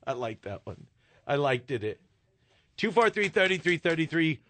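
A male radio host running a live call-in joke segment, jovial and quick to laugh. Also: on the high side, very animated, a bit bright, no echo. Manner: jovial, laughs easily, repeats the phone number. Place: radio studio. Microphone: studio microphone.

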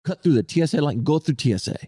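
A young man co-hosting a podcast, telling a story in casual chat, animated and swearing, acting out people who shout. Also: a little high, rapid-fire, husky, no echo, studio quality. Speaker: podcast co-host.

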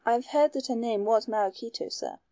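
A woman's voice: on the high side, brisk, dark tone, no room sound, lo-fi sound, voice pushed up, close to an everyday voice. A woman reading the part of a nervous young parlour maid who speaks in a hesitant, timid way. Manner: hesitant, breathless.

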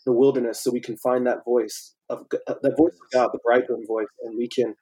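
Earnest guy on a podcast, husky low-toned voice, gets animated and laughs a lot. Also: fairly quick, poor audio. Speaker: podcast guest. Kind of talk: casual conversation.

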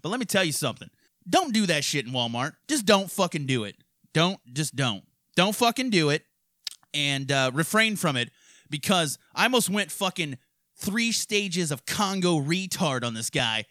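A man from hosting a podcast, telling crude stories in a rowdy, profane, animated way. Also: on the high side, normal speed, dry recording, studio quality. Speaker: podcast host. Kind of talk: crude casual storytelling.

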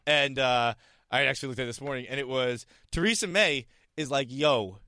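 A man's voice: mid-range voice, a little fast, clean tone, dry recording, studio quality. A man co-hosting a podcast in casual chat, laughing often and ranting in crude jokes. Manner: laughs a lot, animated, crude jokey rants. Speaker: podcast co-host.

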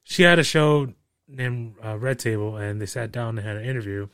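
Male co-host, medium pitch, blunt profane talker who stumbles. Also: moderate pace, fairly bright tone, clear, resonant tone. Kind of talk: casual chat.

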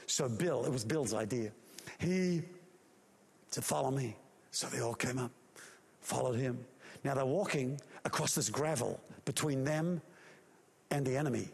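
A man pastor delivering a sermon as animated storytelling, driving home his points with emphatic rhetorical questions. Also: mid-range voice, unhurried, vocal fry, pauses often.

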